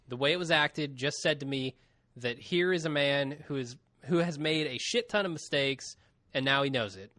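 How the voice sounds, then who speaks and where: A man's voice: medium pitch, a bit bright, no room sound. A man co-hosting a podcast, reading listener emails aloud in a casual chat and laughing often.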